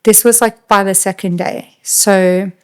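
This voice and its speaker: Flat-voiced Australian woman telling a story. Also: medium pitch, clean tone. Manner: flat, halting retelling with many fillers. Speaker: podcast guest. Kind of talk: casual storytelling.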